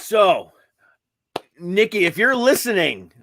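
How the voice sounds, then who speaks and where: A man's voice: high-pitched, very animated, slow, a little hiss or hum. A man co-hosting a casual podcast chat, swearing and joking, with family roots in Ohio. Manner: swearing, joking, does loud voices of relatives. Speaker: podcast co-host.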